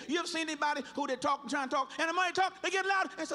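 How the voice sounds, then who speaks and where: A man preaching a sermon as pastor, building from measured teaching to loud, shouted appeals and repeating words for emphasis. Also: very high-pitched. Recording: live church sermon.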